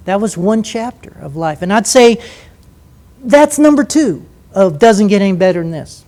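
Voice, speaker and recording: A man's voice: high-pitched, lively intonation, moderate pace, darkish tone. An older man giving a storytelling talk, anecdotal and joking, acting out quoted voices in his stories. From United States. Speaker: speaker at a lecture.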